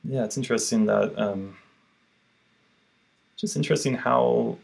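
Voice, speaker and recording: A man's voice: medium pitch, a little slow, creaky. A man hosting a podcast, speaking reflectively and affirming his guest often. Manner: affirming, reflective, frequent fillers. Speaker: podcast host. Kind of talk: conversational interview.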